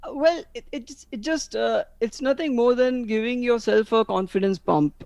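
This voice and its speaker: Hesitant man with a high, smooth voice. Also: normal speed, a little mellow, dry recording. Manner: hesitant, many fillers. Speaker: guest, former seminar attendee. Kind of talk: interview answer.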